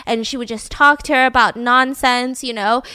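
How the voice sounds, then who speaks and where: A woman casually telling a dark story, chatty and blunt, with lots of filler words. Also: a little high, fairly even intonation, normal speed, clean tone, no echo.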